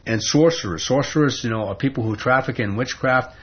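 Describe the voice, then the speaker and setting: A man with a husky, breathy voice preaches a sermon, emphatic and conversational, throwing rhetorical questions at his listeners. The recording sounds dull and lo-fi. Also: mid-range voice, a little fast.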